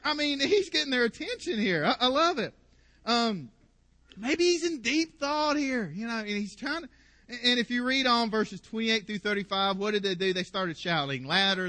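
A man delivers a lively sermon in a high, bright voice, playfully acting out the story's characters with a sarcastic edge. The sound is dry and close, with little room around it. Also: moderate pace, no echo. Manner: animated, playful, acts out quotes with sarcasm. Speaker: pastor.

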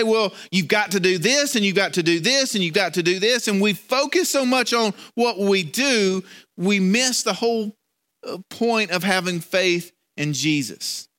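High, bright-voiced male preacher. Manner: conversational, repeats words and restarts, tells stories. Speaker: pastor. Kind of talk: sermon.

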